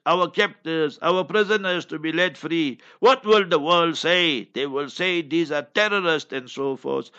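An older South African man hosts a religious talk show, reading through the news with emphatic, scolding commentary. His voice is bright and forceful and sits a little high for a man, and he keeps pressing his points hard. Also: muffled recording. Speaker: Islamic radio talk host.

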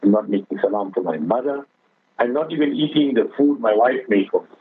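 Man, husky voice, earnest religious exhortation, heard through a tinny phone line. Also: on the low side, expressive, fairly quick, dry recording. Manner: earnest, exhorting, addresses the other speaker as Maulana; tells a moral story with quoted dialogue. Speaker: Islamic speaker on a radio talk show. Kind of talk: religious radio talk.

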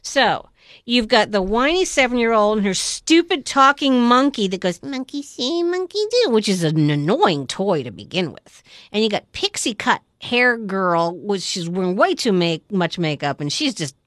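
A woman casually recapping a movie plot in an animated way, acting out scenes with sound effects and quoted voices. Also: medium pitch, moderate pace, no room sound, clean studio sound. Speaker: podcast co-host recapping a movie. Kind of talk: casual chat.

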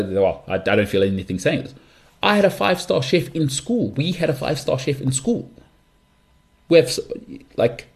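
A man's voice: mid-range voice, a little mellow. A young man hosting a solo podcast, talking in a chatty, jokey way and jumping between asides. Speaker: podcast host.

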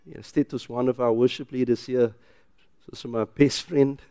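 Preaching in church with a South African English accent, a pastor alternates loud emphatic declarations with quiet personal storytelling. His medium-pitched voice is clear and resonant, fairly even in intonation, at normal speed, recorded dry with clean studio sound.

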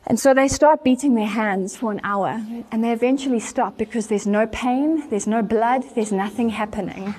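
A woman's voice: a little high, moderate pace, mellow. A woman preaching, retelling a story earnestly and with animation. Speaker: church speaker. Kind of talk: storytelling sermon.

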